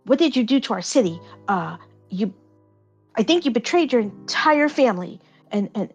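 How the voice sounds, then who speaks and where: A woman speaking in character as a blunt, angry young adventurer, halting with fillers and restarts. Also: a little high, husky, highs cut off.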